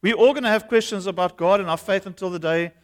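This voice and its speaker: A man's voice: sits high, fast. A man, a pastor preaching an earnest, conversational sermon in a church. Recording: long hall reverb.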